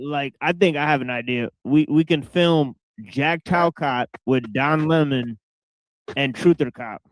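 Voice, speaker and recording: A man's voice: a little high, measured pace, no echo. Man, medium voice, dry sound, hesitant guest. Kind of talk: casual chat on a live stream.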